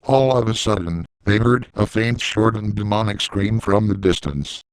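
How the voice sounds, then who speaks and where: A man reading a fan-written creepypasta story aloud in an even, storybook manner. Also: lowish voice, normal speed, clear, resonant tone, no echo, low-quality recording. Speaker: reader.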